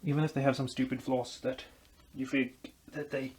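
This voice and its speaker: Building a guitar on camera, this man talks through his work in a loose, rambling tutorial style with self-deprecating humor. His medium-pitched voice is a little mellow with a breathy edge, delivered flatly at normal speed.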